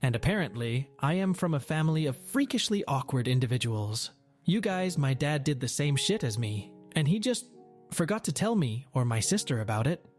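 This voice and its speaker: A man's voice: medium pitch, very animated, moderate pace, darkish tone, faint music behind. A man narrating a Reddit post aloud in a wry, sardonic manner.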